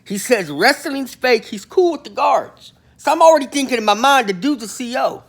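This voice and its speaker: A man's voice: very high voice, animated, moderate pace, creaky. A man hosting his own channel, telling a rambling comic story in a boastful, slangy way and acting out the people he quotes. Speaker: channel host telling prison stories.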